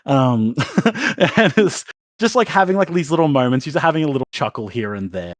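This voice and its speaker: A man's voice: on the high side, lively intonation, normal speed, dry recording. A man narrating as game master of a tabletop role-playing game, rambling with lots of fillers and laughing often.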